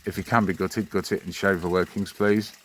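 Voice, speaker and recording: With a low voice and level tone, a man talks a little fast in a casual vlog on his own channel. There's slight background noise, and he rambles in a friendly way.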